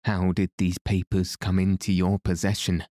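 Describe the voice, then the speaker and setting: A man's voice: low-pitched, little pitch movement, normal speed, warm tone, no room sound, studio quality, lightly acted. A man reading the lines of a stern, threatening middle-aged banker in an audiobook. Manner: stern, demanding.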